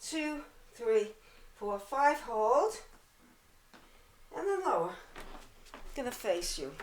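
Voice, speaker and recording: A woman leading a pilates workout at home, a little out of breath, calmly cueing moves and counting reps. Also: on the high side, slow, echoey room, rough recording. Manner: calm counting and cueing while exercising. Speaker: pilates instructor. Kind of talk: guided workout instruction. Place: home apartment.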